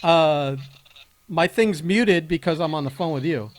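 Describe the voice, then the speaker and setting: A man co-hosting a podcast who talks in a casual, halting way with many "uh" fillers and dry teasing. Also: a little high. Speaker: podcast co-host. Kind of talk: casual chat.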